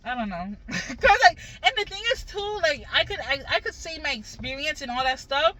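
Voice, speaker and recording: Brisk and animated, a young woman from the Caribbean delivers a loose, rambling vlog monologue packed with slang and swearing. She sounds high-pitched, pushed and bright, and the audio quality is poor.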